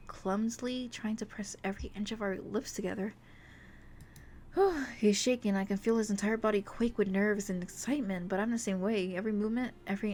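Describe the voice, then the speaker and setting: Reading a romance visual novel on stream, this young female VTuber has a mid-range, slightly mellow voice. She alternates dramatic narration with giggling, effusive asides over slight background noise.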